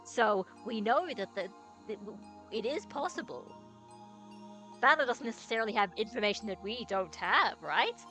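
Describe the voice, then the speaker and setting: An excitable woman streamer thinks out loud, swearing and restarting as she theorizes about the story. Her voice sits a little high, and music plays clearly in the background. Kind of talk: casual live-stream commentary.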